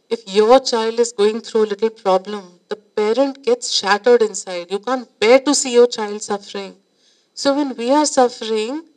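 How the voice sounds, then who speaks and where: A woman's voice: on the high side, poor audio. A woman with an Indian English accent giving a devotional talk to an audience. She tells her story in an earnest, emotional way and slips into Hindi phrases. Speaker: spiritual teacher.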